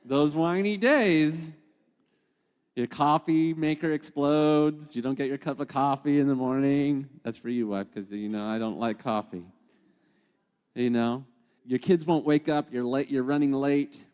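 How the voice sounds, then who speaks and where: A man's voice: medium pitch, fairly even intonation, normal speed, darkish tone, clear, resonant tone. Chatty male teacher in a reverberant space. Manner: chatty, keeps checking in with "okay?" and "right?". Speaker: podcast host and teacher. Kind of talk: conversational devotional teaching.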